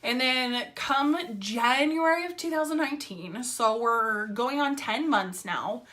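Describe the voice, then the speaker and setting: A woman's voice: a little high, unhurried, pushed and bright. A woman telling a casual story-time vlog in a chatty, filler-heavy way, with wry sarcasm. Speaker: vlogger.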